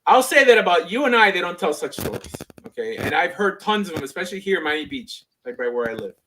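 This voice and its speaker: Brief: male podcast host, slightly high voice, casual arguing, faint hiss. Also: sing-song, fairly bright tone, low-quality recording. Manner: quick, conversational, many fillers. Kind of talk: casual debate. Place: Miami Beach.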